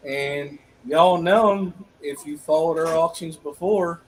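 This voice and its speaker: Guy hosting a live stream auction, kinda high voice, chill and chatty, bit of hiss behind. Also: unhurried, rough recording. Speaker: auction host. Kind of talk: casual live-stream chat.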